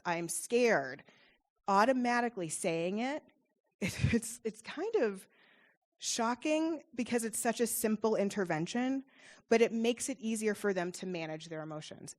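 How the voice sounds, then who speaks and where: A woman child therapist giving an informal, encouraging talk to parents, chatty and full of fillers. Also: on the low side. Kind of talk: informal presentation.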